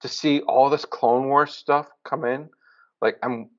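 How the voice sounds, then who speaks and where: A man co-hosting a podcast, chatting casually and telling rambling, excitable stories. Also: mid-range voice, a little slow. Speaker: podcast co-host. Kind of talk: casual chat. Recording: dull lo-fi sound.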